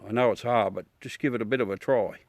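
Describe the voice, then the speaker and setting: A man's voice: fairly low pitch, quick pace, dry recording. Laid-back Australian man, dry close sound. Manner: laid-back, blunt, swears, calls everyone mate. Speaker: livestream host. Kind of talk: casual live chat with viewers.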